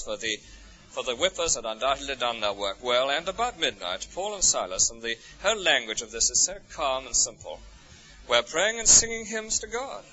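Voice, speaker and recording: Bright-voiced English preacher, dull recording. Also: male voice, fairly high pitch. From England. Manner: expressive, rhetorical questions, swings from soaring to hushed. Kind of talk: sermon.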